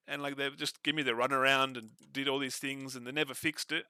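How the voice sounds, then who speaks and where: Swearing man, bright dry voice. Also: mid-range voice, a little fast, few pauses, clean tone, dry recording. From Australia. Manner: animated, swearing, repeats and restarts words. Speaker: streamer. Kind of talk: casual chat.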